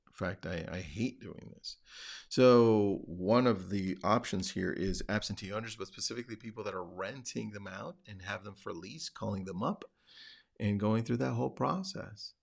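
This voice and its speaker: A man with a somewhat low voice and a rough, gravelly edge talks casually, like a coach on his own podcast. He keeps it conversational and now and then acts out phone calls in a livelier voice. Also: moderate pace. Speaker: podcast host and real estate coach. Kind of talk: casual talk.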